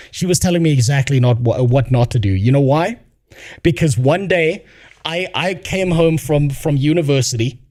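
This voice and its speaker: A man's voice: medium pitch, mellow, no echo. Profane ranting streamer man, dry sound. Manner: blunt, swears a lot, laughs while telling stories. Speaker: streamer reacting to a video. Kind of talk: casual profane rant.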